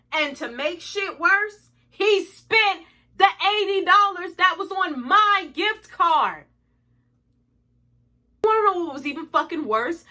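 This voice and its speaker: A young woman telling an exasperated storytime to her viewers, animated and swearing freely. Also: very high voice. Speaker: vlogger. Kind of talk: storytime vlog.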